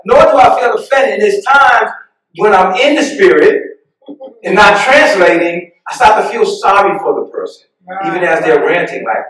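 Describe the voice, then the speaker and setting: A man preaching a sermon as pastor, telling personal stories in an animated way, often laughing at them. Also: sits high, normal speed. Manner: animated, laughs at his own stories, acts out voices. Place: church sanctuary. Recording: very echoey church room, mic far off.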